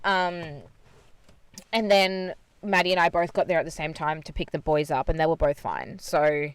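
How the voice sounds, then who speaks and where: A woman's voice: sits low, moderate pace, clean tone. A woman podcast co-host telling a story in casual chat, swearing freely and retelling things with energy, recorded inside a parked car.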